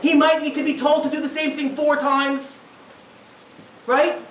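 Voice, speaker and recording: A man in his thirties teaching a rabbi's class on parenting, lively and laughing, acting out voices as he talks. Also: very high voice, measured pace. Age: 30s. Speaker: rabbi, guest speaker. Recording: roomy, from a distance, faint noise.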